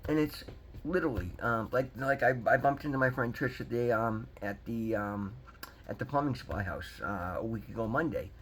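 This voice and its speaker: An earnest man in his fifties rambles warmly to camera, often restarting and repeating his words. His voice sits at an ordinary middle pitch, with faint noise behind it. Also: moderate pace, rough recording. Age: 50s. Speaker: recovery vlogger. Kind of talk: casual motivational talk to camera.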